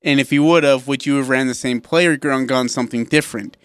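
A man's voice: medium pitch, fairly even intonation, fast, clear, resonant tone, no room sound. A man co-hosting a sports talk radio show in a studio, joking and laughing easily as he talks.

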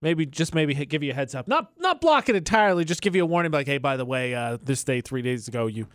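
A man co-hosting a radio show, chatting in a jokey, animated way into a studio microphone. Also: a little high, quick pace, no echo. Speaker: radio co-host. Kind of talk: casual radio chat.

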